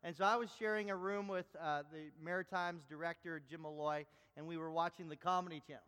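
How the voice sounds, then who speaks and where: Man, sermon, high voice, earnest, repeats words, long hall reverb. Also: steady tone, fast talker, a bit bright, clean tone. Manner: earnest, repeats words as he builds each point. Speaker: preacher.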